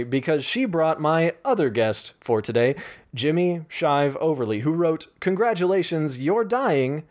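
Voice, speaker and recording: A man reading his own short story aloud in a brisk, deadpan manner. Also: on the high side.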